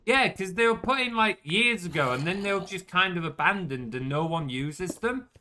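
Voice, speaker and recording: A man's voice: high-pitched, expressive, normal speed, sharp tone, a little hiss or hum. A man chatting casually while streaming a game, rambling and answering his chat with lots of "like". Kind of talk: casual gaming commentary.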